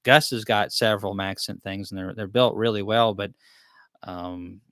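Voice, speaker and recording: Man, live-stream host, rambling and easygoing, lowish voice, dry close sound. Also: steady tone, moderate pace, a bit bright, dry recording. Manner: rambling, easygoing, self-deprecating. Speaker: beekeeping channel host.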